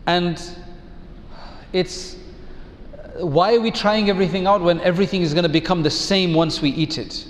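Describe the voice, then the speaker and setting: A man giving a measured, reflective sermon as an Islamic preacher, using rhetorical questions. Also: high voice, fairly even intonation, in a large hall.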